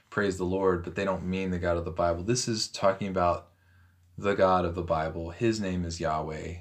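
A man reading a Bible passage aloud and stopping to explain it in a relaxed, conversational way, with frequent ums and self-corrections. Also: deep voice. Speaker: Bible teacher. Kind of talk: scripture reading with commentary.

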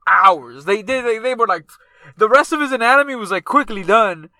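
A man's voice: high voice, expressive, normal speed, sharp tone, no echo. A man co-hosting a casual sports podcast, rambling and profane, often calling his friends fool. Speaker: podcast co-host.

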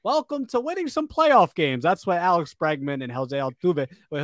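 A man's voice: a little high, animated, normal speed, few pauses, noisy background. A man co-hosting a casual sports podcast, rambling with fillers and restarts. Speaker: podcast co-host.

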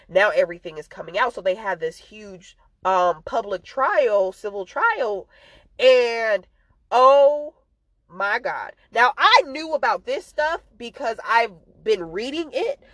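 A woman vlogger rants on camera in a fired-up, profanity-heavy way, hammering her points with repeated insults. Her voice sits a little high, and the recording is dry and close with no room sound. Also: no room sound, rough recording. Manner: profane, emphatic, worked up; sharp, repetitive put-downs. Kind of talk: casual ranting commentary.

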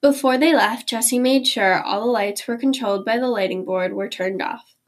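A woman reading a children's chapter book aloud in a clear, gentle storytelling voice. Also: a little high, normal speed, low-quality recording. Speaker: reader.

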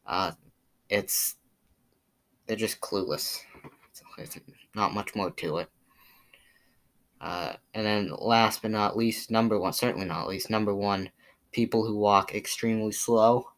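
Deep-voiced teen guy ranting casually. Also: unhurried. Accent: Boston. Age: teens. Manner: rambling, filler-heavy, mildly exasperated. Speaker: vlogger. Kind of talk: casual monologue ranting about pet peeves.

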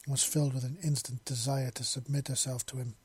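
A man's voice: mid-range voice, little pitch movement, fast talker, a little mellow, husky. A man reading a romance story aloud, with small slips and restarts. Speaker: narrator. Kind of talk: amateur fiction reading.

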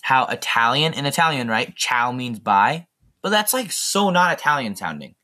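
Bright-voiced teenage guy rambling on his podcast. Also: medium pitch, sing-song, moderate pace. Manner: rambling, jokey, chatty asides. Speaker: podcast host. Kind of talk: solo casual podcast monologue.

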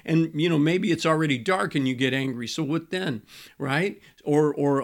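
A middle-aged man with a slightly higher voice talks like a pastor teaching a small group. He is relaxed and chatty, repeats his main points, and slows down on the words that matter. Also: creaky. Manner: conversational, repeats key phrases, slows for emphasis. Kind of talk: teaching talk on marriage.

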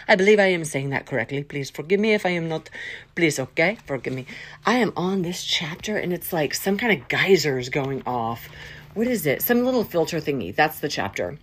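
A middle-aged woman talking through a rambling faith vlog, scattered and playful, slipping into silly voices and quiet whispers. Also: deep voice, lively intonation, a little fast, slight background noise. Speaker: vlogger.

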